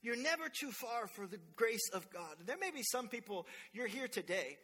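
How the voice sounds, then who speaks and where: A man in his thirties preaching a sermon in church, telling stories in an animated way and acting out quotes loudly. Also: very high voice, moderate pace, slightly rough. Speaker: pastor. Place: church sanctuary. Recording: long hall reverb.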